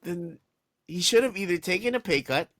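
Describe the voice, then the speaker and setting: A man co-hosting a casual sports podcast, ranting in an animated, exasperated way with lots of restarts. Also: sits high, moderate pace, no echo, studio quality. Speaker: podcast co-host.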